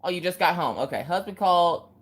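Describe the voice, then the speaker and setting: A woman hosts a casual livestream, her pitch jumping lively up and down as she calls out viewers by name. She talks in an easy, joking way, full of playful exclamations and chatty asides. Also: fast. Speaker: livestream host.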